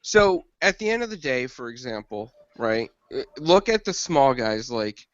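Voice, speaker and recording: A man's voice: medium pitch, big pitch swings, a little slow, dry recording. A man co-hosting a podcast who explains his point and keeps checking in with his listeners. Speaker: podcast co-host. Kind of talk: casual podcast discussion. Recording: dry, dull lo-fi audio.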